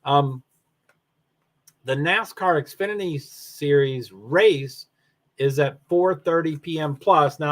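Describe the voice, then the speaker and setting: A man's slightly high voice, worn out and yawning, talks alone to his livestream viewers from a desk mic. He rambles and breaks off his own sentences, padding them with fillers as he chats about the races. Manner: rambling, self-interrupting with fillers. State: very tired, yawning. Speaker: live streamer. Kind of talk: casual solo livestream chat about racing.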